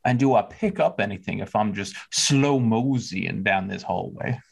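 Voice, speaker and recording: A man's voice: on the low side, normal speed, creaky, slightly rough. A man playing a tabletop role-playing game, talking casually with the game master. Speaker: player.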